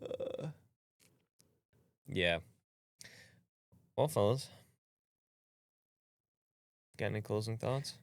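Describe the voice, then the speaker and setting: A man's voice: on the low side, extremely slow, vocal fry, pauses often, no room sound. A man hosting a podcast in casual chat, laid-back and laughing often as he wraps up the episode. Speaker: podcast host.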